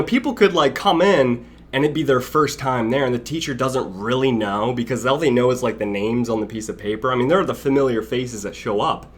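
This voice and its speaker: A man's voice: mid-range voice, breathy edge. A young man hosting a casual live stream, rambling and chatty as he greets viewers by name and laughs along. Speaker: livestream host.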